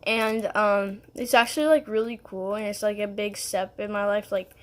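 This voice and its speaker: A woman's voice: medium pitch, steady tone, normal speed. A young woman telling a story to her vlog viewers in a rambling, casual way, full of "like" and "um" and little laughs. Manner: rambling, heavy on "like" and "um", giggly. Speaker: vlogger.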